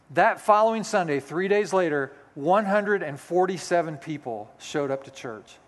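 A male pastor in his sixties preaching a sermon, telling a personal story with folksy, self-deprecating humor. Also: high-pitched. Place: church sanctuary. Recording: long hall reverb.

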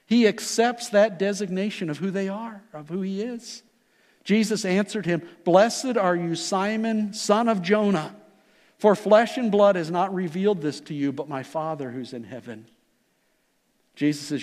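A pastor preaching a sermon in an earnest, emphatic manner that rises and falls. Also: male voice, high voice, measured pace, darkish tone, big-room sound. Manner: earnest, emphatic preaching with rising and falling delivery.

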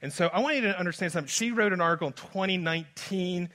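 A man preaching a sermon as pastor, moving from hushed lines to loud, urgent ones. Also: high-pitched, quick pace. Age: adult father. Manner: dynamic preaching, swings from soft to loud.

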